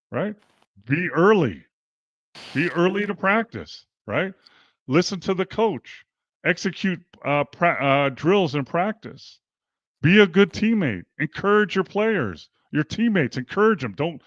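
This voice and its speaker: A man's voice: high-pitched, a little slow, dry recording, lo-fi sound. An older man, a basketball coach and former pro player, talking in a casual interview and acting out quotes as he tells stories. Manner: animated storytelling, acts out quotes.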